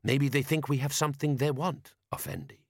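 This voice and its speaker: A man's voice: medium pitch, brisk, dry recording, clean studio sound, voice pushed up, close to an everyday voice. Jabbar, a man doing a sly desert brigand.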